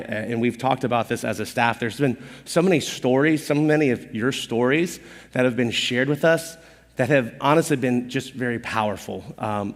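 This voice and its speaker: A man preaching a sermon as pastor, telling personal stories in an animated, conversational, self-deprecating way. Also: medium pitch. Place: church auditorium stage. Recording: long hall reverb.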